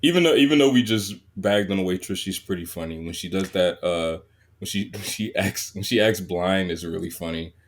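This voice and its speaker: A man on a casual podcast who swears freely, laughs often and drops to a low mutter at times. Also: fairly quick. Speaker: podcast guest.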